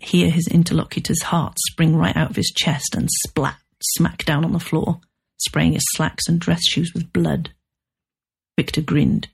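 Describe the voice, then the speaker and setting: A woman with a low, husky voice reads a literary novel aloud. Her storytelling is measured and steady, with a slightly breathy texture. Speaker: narrator. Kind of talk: scripted audiobook narration.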